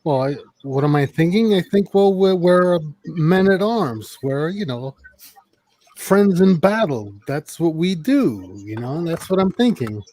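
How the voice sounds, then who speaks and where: A man's voice: fairly high pitch, expressive, unhurried, a little mellow, dry recording. A man playing a tabletop game, chatting casually and musing aloud in character. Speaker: player.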